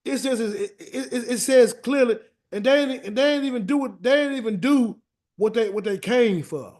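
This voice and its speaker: A man leading a weekly scripture word study and prayer, animated and colloquial, often repeating words as he searches for them. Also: very high voice, normal speed. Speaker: Bible study teacher. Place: meeting room streamed live.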